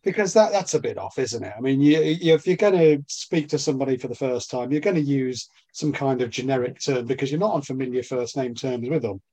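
A man's voice: medium pitch, brisk, hardly any pauses, mellow. A man co-hosting a podcast, joking in a dry, sweary way. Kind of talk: casual podcast chat.

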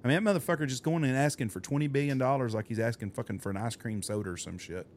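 A man's voice: medium pitch, racing, slight background noise. A man hosting a podcast, talking in blunt, profane, ranting casual chat. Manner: blunt, ranting, swears a lot. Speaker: podcast host.

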